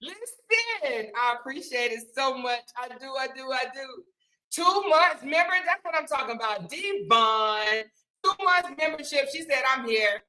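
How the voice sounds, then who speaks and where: Excitable high-voiced woman livestream host. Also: measured pace, rough recording. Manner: excitable, chants and shouts thanks to viewers; swears casually and laughs often. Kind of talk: live stream chat reading super chats.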